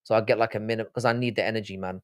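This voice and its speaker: A man's voice: fairly low pitch, steady tone, rapid-fire, clean tone. A man in his thirties hosts a casual live stream, worn out and chatty. He swears freely and rambles, often restarting his sentences. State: tired. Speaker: livestream host.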